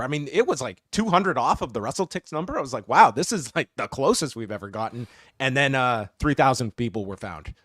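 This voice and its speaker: A man's voice: medium pitch, fairly bright tone, dry recording, studio quality. A man co-hosting a podcast, chatting casually with a wry, joking manner as he wraps up segments. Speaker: podcast co-host.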